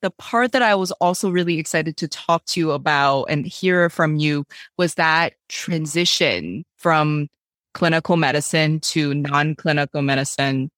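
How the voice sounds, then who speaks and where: A woman with a notably low voice, asking her guest a question in an engaged, measured way. The recording is dry and close, with no room sound. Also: a bit bright, dry recording. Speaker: interviewer. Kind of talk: conversational interview.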